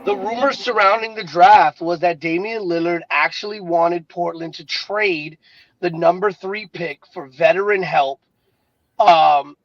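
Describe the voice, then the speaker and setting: A man co-hosting a sports talk show, laying out trade rumors in a measured, explanatory way. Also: high-pitched, no echo, muffled recording. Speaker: podcast co-host. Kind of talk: casual sports chat.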